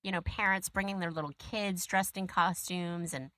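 A woman talks in an animated, gushing way, peppering her stories with "like". Her tone is bright and forceful and sits a little on the low side. The recording is dry, with no room sound. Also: moderate pace, no room sound. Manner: animated, gushing storyteller, heavy use of "like". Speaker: interview guest. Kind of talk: casual conversation.

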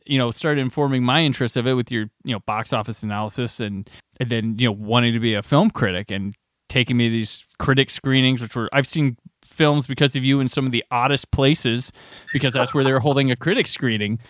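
A man's voice: medium pitch, steady tone, brisk, a bit bright, no room sound, studio quality. A man from the Midwest US hosting a podcast, telling stories in a casual chat and laughing along the way. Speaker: podcast host.

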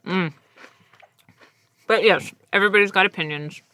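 A young adult woman, a guest in a casual chat, telling animated stories and laughing often. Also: medium pitch, moderate pace.

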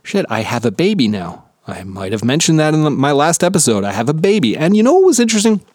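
His voice runs on the high side, with big pitch swings, a quick pace, and a slightly mellow quality. He's a New Jersey podcast host around his thirties, chatting solo from his home basement in a rambling, profane, self-deprecating way. There's no echo, and the studio sound is clean.

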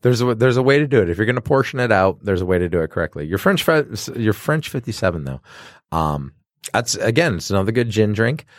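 A male bartender co-hosts a casual podcast on a close, dry mic. His voice sits on the low side but swings widely in pitch as he tells animated stories and acts out his customers. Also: fast talker, dry recording.

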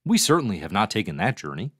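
A man's voice: lowish voice, very animated, fast, fairly bright tone, breathy edge, dry recording, clean studio sound. A man hosting a casual comics review livestream, chatty and reading viewer comments aloud. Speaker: livestream host.

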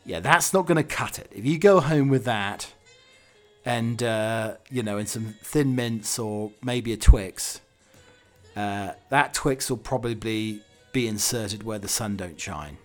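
A man's voice: on the low side, a little slow, soft background music. A man hosting a podcast alone, rambling cheekily in a casual monologue with wry asides. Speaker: podcast host.

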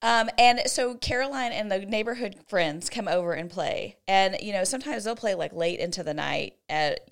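A woman's voice: medium pitch, normal speed, gravelly. Chatty Texan woman co-hosting. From Texas. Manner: chatty, giggly, storytelling. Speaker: podcast co-host. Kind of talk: casual chat.

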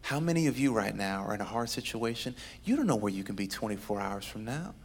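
A male pastor preaching a sermon, telling a story with a dramatic delivery that moves between loud and hushed. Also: fairly low pitch, sing-song, fast talker.

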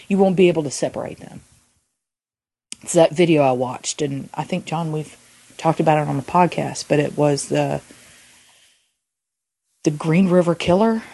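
A woman co-hosting a faith podcast, talking earnestly and haltingly, often restarting her sentences. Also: low-pitched, mellow, no room sound. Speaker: podcast co-host. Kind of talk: reflective faith podcast talk.

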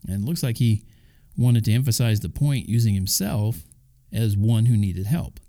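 Mellow-voiced man giving a casual devotional talk. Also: lowish voice, expressive, normal speed. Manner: conversational, with asides and chuckles. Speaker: Christian podcast host.

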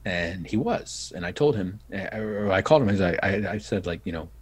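A middle-aged man telling stories in casual chat, animated and acting out the people he quotes. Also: sits low, a little fast, breathy edge. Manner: animated, acts out quoted voices. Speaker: podcast guest. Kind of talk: casual storytelling.

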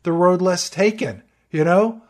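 A man with a fairly high voice riffs on a film in relaxed podcast conversation. He makes dry, sarcastic jokes and wry asides throughout. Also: unhurried. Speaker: podcast co-host. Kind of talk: casual movie-review chat.

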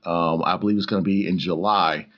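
A man's voice: low-pitched, steady tone, fairly quick, highs cut off. A man as a guest boxing analyst, talking boxing in a loose, joking way. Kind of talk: casual podcast commentary.

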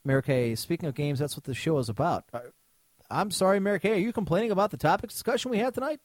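A man's voice: high voice, fast, no room sound. A man co-hosting a podcast in casual chat, ranting and swearing freely. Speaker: podcast co-host.

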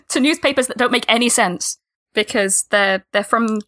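A woman's voice: fairly high pitch, moderate pace, a bit bright. A woman co-hosting a movie podcast in casual chat, playful and giggly. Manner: playful, giggly, reads jokey notes. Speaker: podcast co-host.

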